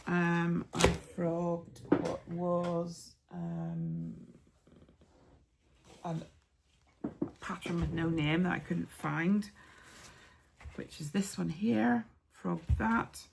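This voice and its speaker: A woman hosting a craft podcast, chatting casually with many ums and soft asides as she shows yarn and patterns. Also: fairly low pitch, lively intonation, extremely slow, vocal fry, long pauses, background noise.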